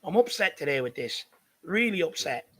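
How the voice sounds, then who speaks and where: A man's voice: a little high, very animated, normal speed, bright, forceful tone, husky. An Irish man hosting a live football watchalong, ranting furiously and swearing at his team's defending. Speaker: fan channel host. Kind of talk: live match watchalong commentary.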